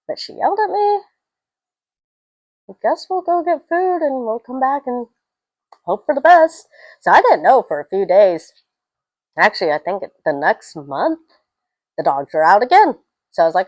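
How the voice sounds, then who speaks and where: A young adult woman giving a casual, rambling film review, telling stories with animated swings and tangents. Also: medium pitch, normal speed, no echo, poor audio.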